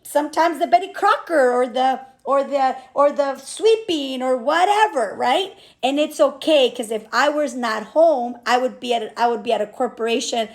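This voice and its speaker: A woman's voice: high-pitched, lively intonation, moderate pace, hardly any pauses. A woman in her thirties, a business owner and mother, talking candidly and a bit rambling in a personal vlog, with lots of restarts. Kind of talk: emotional personal vlog talk.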